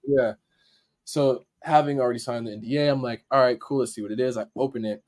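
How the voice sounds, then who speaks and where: A man, a podcast guest, telling a story in casual slang and acting out his own excited reactions. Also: medium pitch, quick pace. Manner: animated, acts out his own reactions in quotes; casual slang, frequent "like" fillers. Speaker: podcast guest, dancer and video editor.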